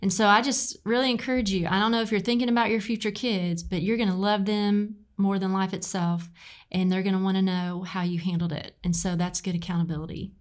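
Middle-aged woman, Arkansas drawl, warm-hearted advice-giver in casual talk. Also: medium pitch, flat delivery, fairly quick. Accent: Southern US, Arkansas. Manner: earnest, encouraging, drawls "y'all". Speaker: co-host.

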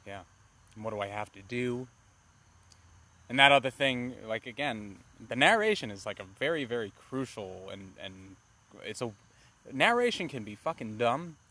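A man co-hosting a casual movie review podcast, talking in a rambling, animated way with plenty of swearing. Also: medium pitch, moderate pace. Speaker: podcast co-host.

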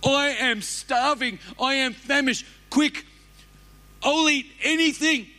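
A man's voice: very high voice, slow, bright, forceful tone, voice pushed up, full character voice. A man voicing a starving, frantic grown hunter who pleads and stammers for food.

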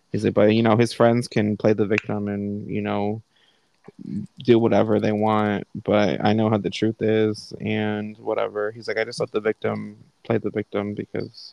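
A man's voice: lowish voice, vocal fry, a little mellow, dry recording, poor audio. A young man hosting a podcast at home, casually retelling a conversation with profane, candid asides. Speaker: podcast host. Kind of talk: casual storytelling. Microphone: live online call setup.

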